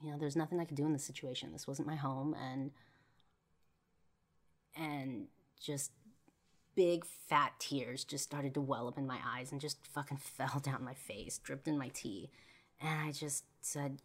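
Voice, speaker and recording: A woman's voice: rumbling low, unhurried. A young woman hosting a podcast, telling an emotional personal story in a casual way, with frequent fillers and swearing. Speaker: podcast host.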